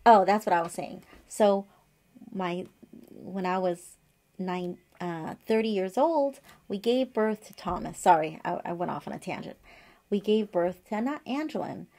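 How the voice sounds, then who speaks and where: This woman's medium-pitched, mellow voice moves at a measured pace as she speaks to camera from her acupuncture office. In her forties, she gives casual advice by rambling through a personal story, digressing often and using lots of fillers and asides.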